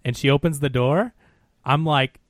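A man co-hosting a casual film review podcast, talking in an animated, emphatic way. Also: on the high side, no room sound, clean studio sound. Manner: animated, emphatic, quick to rant. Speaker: podcast co-host.

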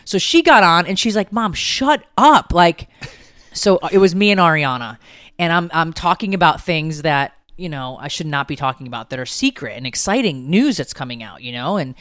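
A middle-aged woman tells a story in a rambling, self-mocking way. Her voice sits a little low and sounds dry and close to the mic. The talk is a loose, chatty family conversation. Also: a bit bright, smooth, no room sound. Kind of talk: casual family chat.

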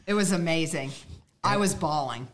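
A woman, a podcast guest, sharing a personal story in a heartfelt way, quick to laugh. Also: low-pitched, expressive, a crowd in the background.

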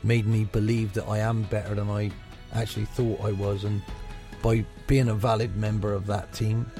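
Speaking at a normal speed in a fairly low, level voice, a middle-aged football manager is interviewed on the radio with music playing in the background. He has a Gloucestershire burr and is frank and chatty, frequently restarting sentences.

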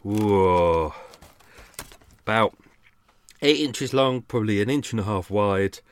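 A man's voice: lowish voice, expressive, slow pace, a little hiss or hum. A man hosting a podcast, chatting in a rambling, self-mocking unscripted monologue at home. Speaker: podcast host. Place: home, walking off from the mic to make tea.

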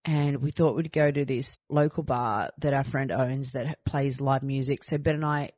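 Brief: female podcast host, low voice, chatty storyteller, dry close sound. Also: steady tone, moderate pace, darkish tone, no room sound. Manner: chatty, storytelling, rambling asides. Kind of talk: casual chat.

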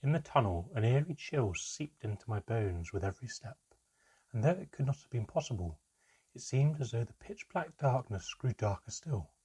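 A man narrating a storybook chapter in a steady, measured reading. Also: mid-range voice, husky.

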